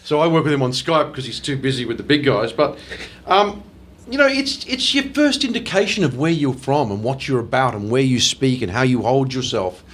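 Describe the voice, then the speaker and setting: An Australian man chatting as an interview guest, enthusiastic and quick to laugh. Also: mid-range voice, expressive, fairly bright tone. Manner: enthusiastic, laughs often, breaks into playful impressions. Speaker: guest actor. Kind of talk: casual interview chat.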